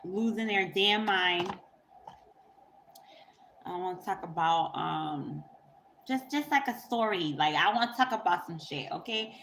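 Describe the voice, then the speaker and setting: A woman's voice: on the low side, unhurried, gravelly, long pauses, fairly bright tone, a little hiss or hum, rough recording. A woman tarot reader telling a story in a rambling, profane, casual way on a livestream, often breaking into laughter.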